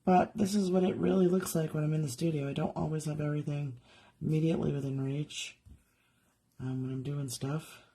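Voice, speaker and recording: Speaking briskly in a deep, steady, warm and husky voice, a woman jewelry artist demonstrates live from her home studio. She chats and thinks aloud throughout the work.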